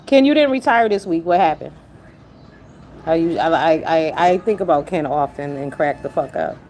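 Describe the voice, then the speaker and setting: A woman's voice: low voice, expressive, normal speed, a little mellow, poor audio. Chatty, blunt woman streaming from a car. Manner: blunt, profane, chatty, greets viewers by name. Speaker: livestream host. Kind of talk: casual live-stream chat. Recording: car noise in background.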